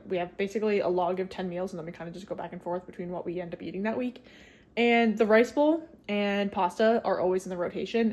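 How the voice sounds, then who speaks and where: Young woman vlogger, chatty and self-mocking, mid-pitch, noisy home kitchen. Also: darkish tone. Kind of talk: casual chat. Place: home kitchen while cooking.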